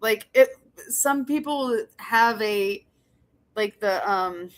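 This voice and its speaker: A woman's voice: on the high side, slow. A young woman hosting a casual livestream, chatting with her viewers, laughing often and swearing as she rambles. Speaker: livestream host.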